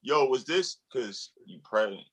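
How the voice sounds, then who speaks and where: A man's voice: medium pitch, lively intonation, unhurried, a crowd in the background. A man chatting casually with a friend, throwing in slangy interjections. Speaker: friend in conversation. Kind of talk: casual chat.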